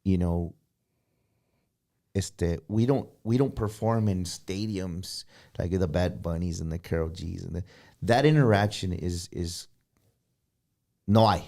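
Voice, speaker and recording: A man, a guest musician, telling stories in a relaxed chat and dropping Spanish phrases in as he goes. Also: low-pitched, a little slow, creaky, long pauses. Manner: animated, drops Spanish phrases. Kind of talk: casual storytelling chat.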